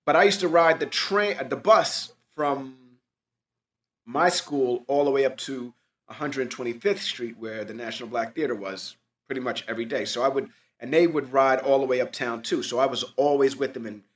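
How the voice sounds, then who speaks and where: A man's voice: medium pitch, moderate pace, fairly bright tone. A man telling casual anecdotes about auditions, loose and profane, acting out quoted lines. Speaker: actor, podcast guest. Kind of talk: casual storytelling chat.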